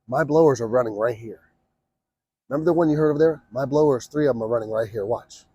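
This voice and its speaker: A man with a husky, slightly rough voice pitches his inflatables from a trade show booth. He talks fast and pushes hard, circling back to the same points again and again to convince buyers. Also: no echo, lo-fi sound. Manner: pushy, energetic salesman, repeats himself. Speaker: inflatable business owner. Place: trade show booth beside running blowers. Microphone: mic on, recorded on a phone.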